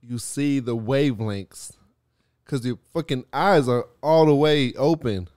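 A man hosting a podcast, telling animated stories in casual chat, swearing and laughing often. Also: mid-range voice, measured pace, no echo, studio quality. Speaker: podcast host.

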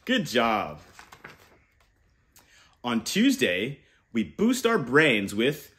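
A man reads a children's picture book aloud in a crisp, bright voice that swings widely in pitch. He takes his time and stops often to have the kids chant lines back to him. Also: slow, pauses often. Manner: animated, leads kids in call-and-response chants. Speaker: children's storyteller.

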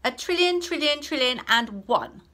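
A woman voicing a smug, eager schoolboy swot in a storybook reading, boastful and loud. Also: mid-range voice, expressive, measured pace. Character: smug know-it-all schoolboy swot with thick glasses.

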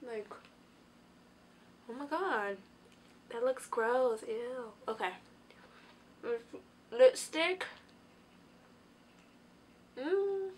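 A tired young woman casually reviewing a beauty product while sitting on the floor at home, chatty and excitable, with lots of fillers. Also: on the high side, extremely slow, long pauses, slight background noise. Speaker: beauty vlogger.

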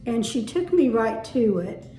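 A woman's voice: a little high, expressive, a little slow, mellow. Chatty Southern woman showing a haul. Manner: chatty, folksy, gushing over items. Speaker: home decor vlogger. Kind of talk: casual show-and-tell haul. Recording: echoey room with faint music.

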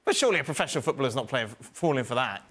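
Lively male host, bouncy pitch. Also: racing. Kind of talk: hosting a sports panel.

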